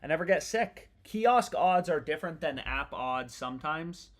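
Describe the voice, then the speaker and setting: A man's voice: fairly high pitch, lively intonation, moderate pace, slight background noise. A young man chatting casually on a live stream about sports bets, slangy and profane, rambling from thought to thought. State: annoyed.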